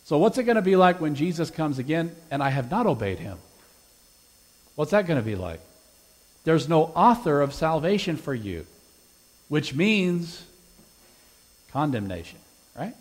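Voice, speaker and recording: A man's voice: fairly high pitch, sing-song, measured pace, long pauses, big-room sound, low-quality recording. A man preaching a sermon with an invitation, quoting scripture emphatically and pressing his listeners with questions. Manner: emphatic, rising on scripture quotes.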